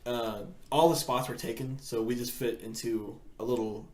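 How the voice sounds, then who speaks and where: A man co-hosting a podcast, telling stories in a casual, animated way and laughing often as he acts out quotes. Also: medium pitch, normal speed. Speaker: podcast co-host. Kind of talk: casual storytelling chat. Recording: roomy echo.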